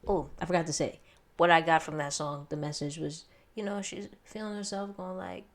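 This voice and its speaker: A young woman talks casually through an album reaction, full of slang, laughter and muttered side comments. Her voice sits a little low for a woman. Her delivery is loose and chatty. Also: normal speed, slight background noise. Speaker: music reaction host.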